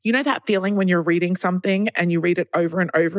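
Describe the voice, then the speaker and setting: A woman's voice: on the low side, fairly even intonation, very fast, few pauses, no echo. A woman hosting a solo podcast, talking in a chatty, candid way and acting out the people she quotes. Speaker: podcast host.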